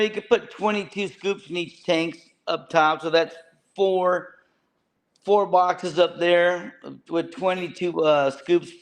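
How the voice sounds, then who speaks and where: A man, a fishing boat captain, talking plainly in an interview and often repeating words as he goes. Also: high voice. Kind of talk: casual interview.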